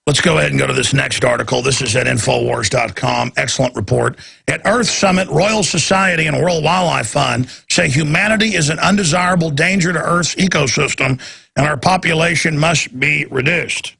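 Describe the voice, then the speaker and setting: A man's voice: a little high, normal speed, gravelly, bright, forceful tone, breathy edge, no room sound. A man hosting a talk show, ranting in a heated, repetitive and sarcastic way. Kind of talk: ranting talk radio monologue.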